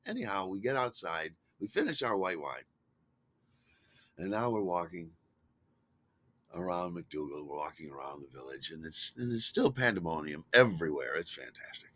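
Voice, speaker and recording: Animated man with a bright, lively voice. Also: normal speed. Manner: animated, delighted, acts out quotes with big pitch jumps. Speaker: storyteller. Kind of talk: casual spoken storytelling.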